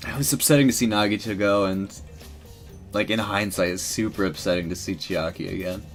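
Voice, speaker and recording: Rambling, emotional low-voiced man. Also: steady tone, a little fast, faint music behind. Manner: emotional, tearful at times, rambling with restarts. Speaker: streamer. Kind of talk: casual rambling commentary.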